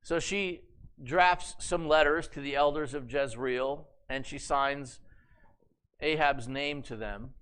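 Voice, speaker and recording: Animated, bright-voiced male pastor. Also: mid-range voice, takes it slowly, clean tone. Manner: animated, conversational storytelling with asides and humor. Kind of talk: sermon.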